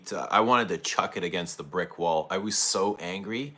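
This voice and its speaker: Low, bright-voiced man hosting a livestream. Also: moderate pace. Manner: chatty, greets viewers and reads their comments aloud. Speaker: perfume livestream host. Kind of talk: casual livestream chat with viewers.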